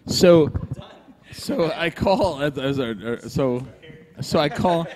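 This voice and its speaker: Recorded live in a brewery room, with long reverb trailing after him and slight background noise, a podcast co-host speaks slowly in a fairly high voice. He tells a rambling story in an animated, casual way, swearing freely and acting out other people's lines.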